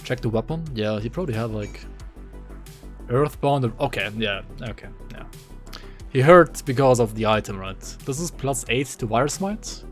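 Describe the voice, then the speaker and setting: A man's voice: mid-range voice, expressive, normal speed, faint music behind. A man streaming a game, chatting casually with viewers, full of filler words and tag questions. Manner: laid-back, lots of likes and rights. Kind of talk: casual gameplay commentary.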